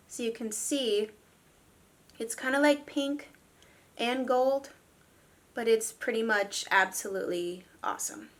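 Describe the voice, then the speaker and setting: A woman's voice: fairly high pitch, pushed and bright. A young woman reviewing makeup in a chatty, gushing way, full of fillers. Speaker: beauty vlogger. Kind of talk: casual product review.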